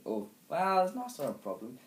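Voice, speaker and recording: A man's voice: fairly high pitch, wildly swooping pitch, normal speed. A young man with a British accent chatting casually as a film reviewer, earnest and keen to keep the talk on track. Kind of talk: casual chat. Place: indoor room. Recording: echoey room with faint background noise.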